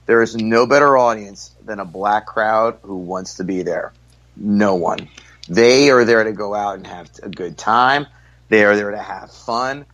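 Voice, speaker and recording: A man who is a guest comedian, telling stories in a casual podcast chat, talking fast, loud and forward, full of profanity. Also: fairly low pitch, muffled recording.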